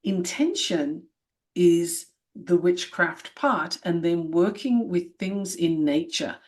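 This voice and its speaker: A woman's voice: on the low side, lively intonation, slow pace. Enthusiastic woman podcast co-host. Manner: free-flowing, enthusiastic, self-described witch. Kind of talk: casual podcast chat.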